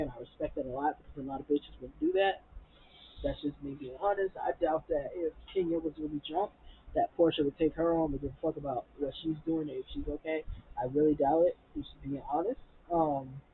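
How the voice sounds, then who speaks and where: A woman's voice: deep voice, animated, brisk, husky. A woman reviewing a reality TV episode in a blunt, profane, heated way, acting out quotes from the show. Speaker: reality TV recap vlogger. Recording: tinny phone-like audio.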